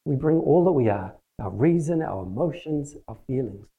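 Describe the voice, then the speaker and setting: A man's voice: medium pitch, lively intonation, moderate pace, creaky, husky, narrow, tinny audio. A man teaching a church group in a plain, conversational sermon, using practical everyday examples. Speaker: church teacher leading a prayer session.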